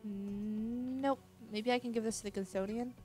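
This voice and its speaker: A woman's voice: a little high, steady tone, measured pace, darkish tone, faint music behind. A woman casually commenting on a horror game she is playing, reading its text aloud and swearing now and then. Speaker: let's play gamer.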